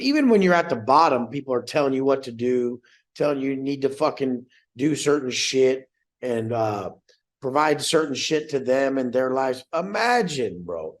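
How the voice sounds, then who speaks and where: A man's voice: medium pitch, roomy sound, poor audio. A young man hosting a group coaching call, brash and swearing, acting out the voices of people he quotes.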